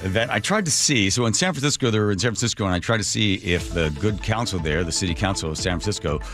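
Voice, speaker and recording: A man hosting a radio talk show, chatting casually and telling animated stories. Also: fairly low pitch, quick pace, music in the background. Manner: animated storytelling with shouted impressions.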